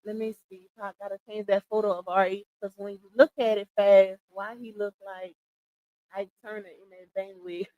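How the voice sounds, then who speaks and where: A woman's voice: mid-range voice, flat delivery, moderate pace, no room sound, lo-fi sound. A woman hosting a casual livestream, greeting her viewers by name and thanking them in a way of speaking. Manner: chatty, warm shout-outs with laughs. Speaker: livestream host.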